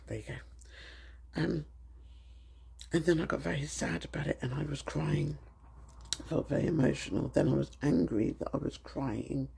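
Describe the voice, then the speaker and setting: Croaky British man chatting to camera. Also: on the high side, warm tone. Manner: chatty and candid, with frequent ums. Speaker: vlogger. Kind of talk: casual chat to camera.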